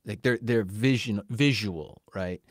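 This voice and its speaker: A man's voice: fairly low pitch, measured pace, no room sound, clean studio sound. A man co-hosting a podcast in casual conversation, talking animatedly in a rant and acting out the voices of people he quotes. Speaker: podcast co-host.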